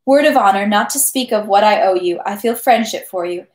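A woman's voice: mid-range voice, fairly quick, reverberant, natural voice. A woman reading aloud and voicing a merry, boastful male French army captain who talks in an effusive, insistent way. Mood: concerned, earnest.

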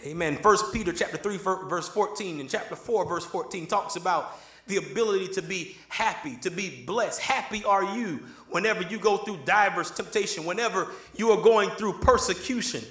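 A man's voice: high voice, normal speed, fairly bright tone. A man preaching a sermon in a church, calling for amens from the congregation. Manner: call-and-response preaching, asks for amens. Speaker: pastor. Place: church sanctuary. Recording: echoey church room.

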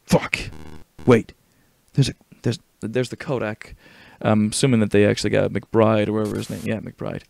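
A man's voice: fairly low pitch, flat delivery, moderate pace, a little mellow. A man reading a video game's dialogue aloud in put-on voices, joking and swearing as he plays. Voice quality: gravelly, swears often. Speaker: let's play commentator reading game dialogue. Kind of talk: casual let's play commentary with dialogue voicing.

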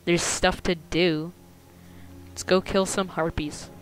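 A man's voice: high-pitched, flat delivery, slow pace, clear, resonant tone, faint music behind. A young man recording his gameplay and chatting casually, joking with dry, sarcastic asides. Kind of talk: casual gaming commentary. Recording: noisy home recording with clicks.

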